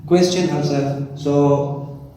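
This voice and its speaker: Slow man teaching in an echoey room. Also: fairly high pitch, fairly even intonation, dark tone, slight background noise. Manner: repeats phrases, slow and deliberate. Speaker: English teacher. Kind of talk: classroom lecture on a poem. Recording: echoey room, mic far off.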